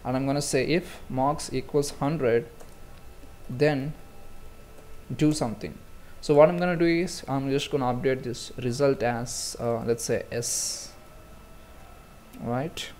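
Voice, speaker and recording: In a screen-recorded coding tutorial, a programming tutor talks casually through the steps of the code on screen, using many fillers and restarting sentences. His voice is at an ordinary middle pitch, captured close on a desktop mic with a little hiss or hum.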